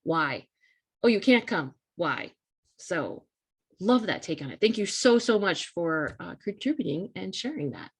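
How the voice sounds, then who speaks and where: A woman's voice: on the low side, sing-song, measured pace, gravelly, breathy edge. A woman hosting a live coaching talk, speaking in a casual, earnest and emphatic way that repeats key points and speaks straight to her listeners. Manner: earnest, emphatic and repetitive, addresses listeners directly.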